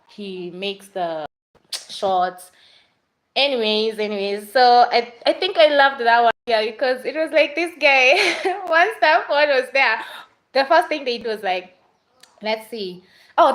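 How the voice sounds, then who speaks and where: A woman's voice: a little high, a bit bright, poor audio. A young Kenyan woman chatting casually on a livestream about movies she watched, rambling and dropping Swahili fillers. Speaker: vlogger reviewing movies.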